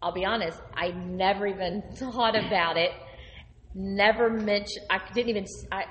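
A woman telling an animated, conversational testimony about her ministry. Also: mid-range voice, normal speed, highs cut off. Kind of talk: casual testimony storytelling. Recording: roomy hall reverb.

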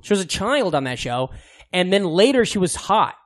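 A young man co-hosting a podcast, joking crudely in quick casual banter. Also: sits high, very animated. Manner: crude, jokey, rapid-fire. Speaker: podcast co-host.

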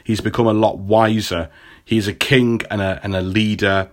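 A man co-hosting a podcast in casual, wry conversation, often trailing off lower at sentence ends. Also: steady tone, normal speed. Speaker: podcast co-host. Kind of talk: casual chat.

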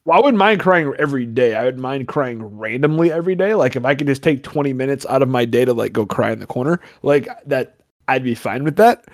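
A man's voice: mid-range voice, expressive, brisk, no echo, studio quality. A man hosting a podcast, chatting casually in a rambling, joking way and swearing often. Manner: rambling, swears a lot, jokey asides. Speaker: podcast host.

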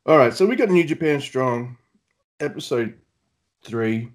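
A man's voice: mid-range voice, lively intonation, a little slow. A man with an Australian accent, chatting casually and rambling with jokes as a podcast co-host. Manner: rambling, joking, self-deprecating. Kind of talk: casual chat.

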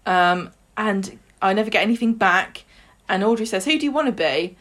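A woman co-hosting a podcast recaps a soap in casual chat, using a mid-range, slightly bright voice with lively intonation at a moderate pace. She animatedly retells scenes, mimics the characters, and laughs often.

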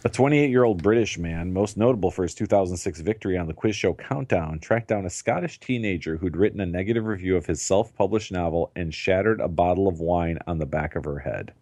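A man's voice: sits low, a little fast, hardly any pauses, a little mellow, no room sound, clean studio sound. A man co-hosting a podcast in casual chat, laughing often and swearing freely as he riffs. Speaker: podcast co-host.

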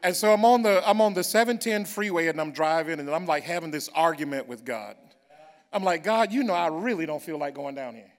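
A man preaching, telling a personal story that builds into loud, drawn-out praise. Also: on the high side. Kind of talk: sermon testimony. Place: church.

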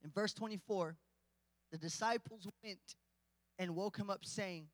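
A man's voice: high-pitched, a little slow, long pauses, no echo, big-room sound. A man preaching a casual, conversational sermon, joking with the congregation and rising to emphatic points.

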